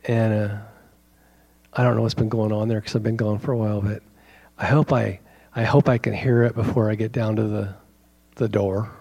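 A man preaching a sermon to his congregation, animated and conversational, with quick asides and chuckles between points. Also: on the low side, creaky, husky. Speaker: pastor.

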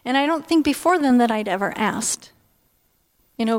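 A woman's voice: a little high, expressive, moderate pace, long pauses. Heartfelt woman in her fifties sharing testimony. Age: 50s. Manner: candid and heartfelt, conversational with frequent "um"s. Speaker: speaker giving a personal testimony. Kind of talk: personal testimony at a church gathering.

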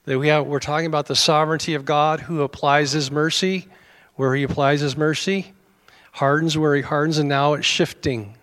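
A man's voice: a little high, steady tone, moderate pace, fairly bright tone. A middle-aged American man preaching a sermon in a conversational way, with asides to his congregation and small chuckles. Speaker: pastor.

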